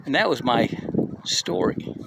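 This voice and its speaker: A man's voice: mid-range voice, lively intonation, measured pace, vocal fry, very noisy. A middle-aged man giving a casual motivational talk, telling personal stories in a loose conversational way and often checking in with "right?". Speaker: speaker at a community live session.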